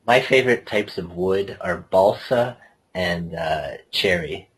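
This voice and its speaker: Deep, husky deadpan man. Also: slow pace, poor audio. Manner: dry, deadpan. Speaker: podcast co-host. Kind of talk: casual late-night chat.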